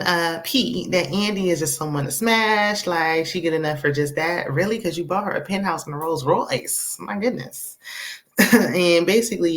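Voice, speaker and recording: Woman, TV recap host, sassy, animated, acts out lines, lowish voice. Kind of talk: casual TV episode recap.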